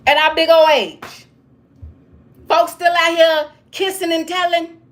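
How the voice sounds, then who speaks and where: A woman's voice: extremely high pitch, flat delivery, takes it slowly, a bit bright. A woman giving a preachy straight-talk monologue, lecturing listeners with emphatic repetition.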